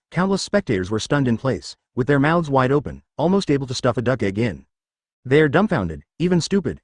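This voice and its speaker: A man's voice: medium pitch, a little mellow, dry recording, clean studio sound. A man reading a web novel aloud as narrator, dramatic with stiff translated phrasing.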